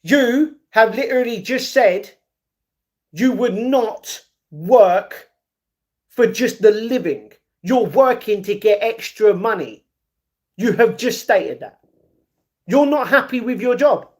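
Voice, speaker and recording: A man live-streaming who reads his viewers' chat aloud and argues back, with excited reactions to a fight he is watching. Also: high voice, slow, long pauses. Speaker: livestreamer. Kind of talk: casual livestream chat.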